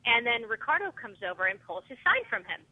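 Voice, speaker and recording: A woman on a tinny phone line, her voice a little high and husky. She tells her story in an animated, upset rush, full of fillers. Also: fast talker. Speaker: guest caller, parent of a fan. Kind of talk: phone interview, telling a story. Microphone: telephone.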